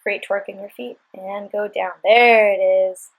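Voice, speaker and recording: A woman's voice: medium pitch, fairly even intonation, measured pace, rough recording. A woman giving upbeat, chatty, encouraging workout instructions as a voice-over. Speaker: fitness instructor.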